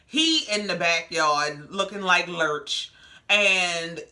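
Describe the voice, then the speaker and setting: A woman's voice: lowish voice, slow, bright, forceful tone. A woman hosting a reality TV recap, talking in a sassy, blunt, slangy way. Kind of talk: casual commentary.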